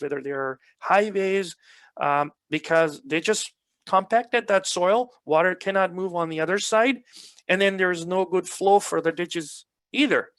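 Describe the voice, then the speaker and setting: A man with a fairly high voice delivers a lecture, walking listeners through field results with patient explanation and repeated words for emphasis. The recording is dry and close, with no room sound. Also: fairly bright tone, no echo. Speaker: soil health extension specialist. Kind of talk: presentation lecture.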